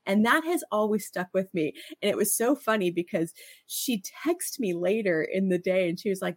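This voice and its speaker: Speaking at a moderate pace in a mid-range voice, this middle-aged woman co-hosts a podcast with earnest, reflective conversation. She stammers and restarts often and laughs a lot. The close mic is dry, with no room sound.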